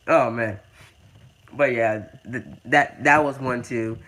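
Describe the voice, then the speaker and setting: A man's voice: mid-range voice, steady tone, slow, bright, forceful tone, slight background noise. A young man hosting a casual gaming video, stammering and repeating words, calling people dude and man. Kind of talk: casual game commentary.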